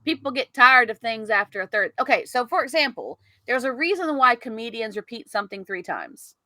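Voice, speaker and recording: A woman's voice: a little high, lively intonation, a little fast, sharp tone, no echo. A woman co-hosting a live-streamed podcast, chatting casually while eating her food. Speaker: podcast co-host.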